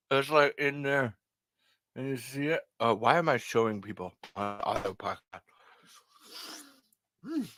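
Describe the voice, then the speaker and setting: A man's voice: mid-range voice, sharp tone, no echo. A man hosting a late-night podcast, chatting in a rambling, profane, chuckling way. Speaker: podcast host.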